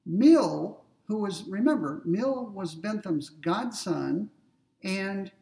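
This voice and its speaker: A man's voice: high-pitched, lively intonation, slow pace, vocal fry, warm tone, distant mic. A man giving a philosophy lecture, explaining step by step with everyday examples and checking in with his listeners. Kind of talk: recorded ethics lecture.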